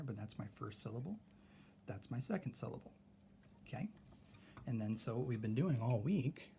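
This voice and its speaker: Patient man teaching phonics, mellow voice. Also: lowish voice, a little hiss or hum. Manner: patient, drawn-out sounding out of vowels. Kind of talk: classroom phonics lesson.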